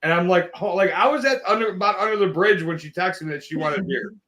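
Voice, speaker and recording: A man with a slightly high voice co-hosting a laid-back podcast. He rambles through his stories, restarting sentences and quoting back and forth as he goes. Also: quick pace, sharp tone. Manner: rambling, restarts mid-story. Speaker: podcast co-host. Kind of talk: casual chat.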